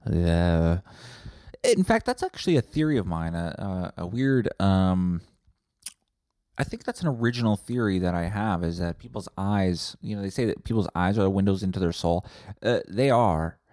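A man's voice: sits low, lively intonation, moderate pace, darkish tone, no echo, clean studio sound. A man hosting a comedy podcast, rambling from tangent to tangent with plenty of swearing. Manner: rambling, profane, tangent-hopping. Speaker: podcast host.

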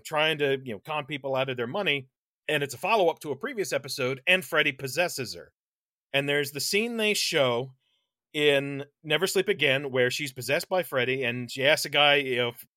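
A man's voice: medium pitch, bright, forceful tone, dry recording, studio quality. A man co-hosting a podcast, telling a long, rambling story in casual chat, laughing mid-sentence and swearing casually. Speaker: podcast co-host.

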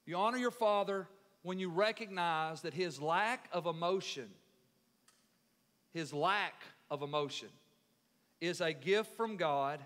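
Man, pastor, sermon, bright voice, long hall reverb. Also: high-pitched, moderate pace. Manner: builds from quiet to loud preaching.

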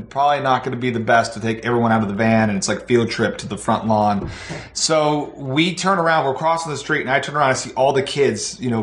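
A man telling a church story with animated energy, acting out the people in it and laughing as he goes. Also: mid-range voice. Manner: lively, acts out the voices in his story, laughs as he tells it. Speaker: pastor telling a testimony. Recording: echoey room.

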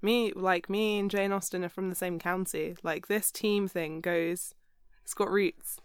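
A young woman from southern England with a southern English accent, co-hosting a podcast in relaxed casual chat and laughing easily. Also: lowish voice, a little slow, smooth, no echo, clean studio sound. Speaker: podcast co-host.

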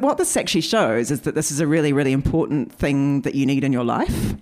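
A woman performing a storytelling stand-up set before a live audience, chatty and animated, quoting people in quick asides. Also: deep voice. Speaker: stand-up comedian.

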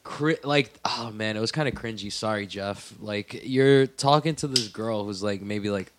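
A man's voice: fairly low pitch, normal speed, background noise. A man co-hosting a podcast, chatting loosely with lots of "like" and "dude", joking and swearing. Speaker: podcast co-host. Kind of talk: casual podcast chat.

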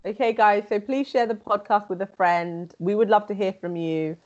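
A woman's voice: mid-range voice, steady tone, normal speed, a little mellow, dull audio. A young woman co-hosting a podcast in casual chat, full of "like" fillers. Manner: casual, many "like" fillers, laughs often. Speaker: podcast co-host.

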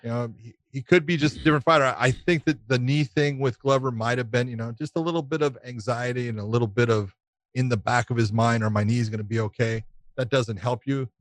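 A man's voice: mid-range voice, fast talker, dry recording. Brief: male former ref, casual podcast chat, anecdotal, dry close sound. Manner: relaxed anecdotes with quoted dialogue. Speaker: former referee, podcast co-host.

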